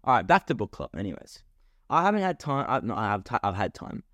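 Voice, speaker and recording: A man's voice: fairly low pitch, very animated, quick pace, fairly bright tone, no echo. A young man co-hosting a podcast, joking and rambling in casual chat. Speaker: podcast co-host. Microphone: podcast mic.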